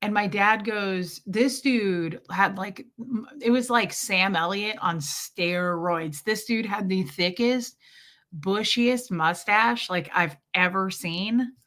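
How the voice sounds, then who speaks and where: A woman's voice: medium pitch, slow pace, a bit bright. A woman hosting a casual livestream, telling jokey stories and greeting viewers by name mid-sentence. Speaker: livestream host reading chat.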